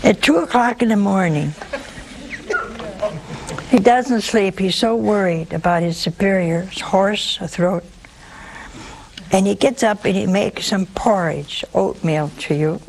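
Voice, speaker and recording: A woman preaching a sermon, telling a story in a lively, humorous way despite a sore throat. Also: mid-range voice, takes it slowly, vocal fry, pauses often, background noise.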